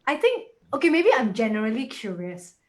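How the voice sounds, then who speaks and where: A woman's voice: a little high, very animated, a little fast. A woman in her forties with a Singaporean English accent, talking casually and animatedly as a guest in a webinar, often acting out quoted voices.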